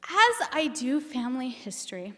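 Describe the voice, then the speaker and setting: A woman's voice: high-pitched, sing-song, normal speed, bright, forceful tone, in a large hall. A woman giving a keynote talk on family history, earnest and emotional, with many ums as she goes.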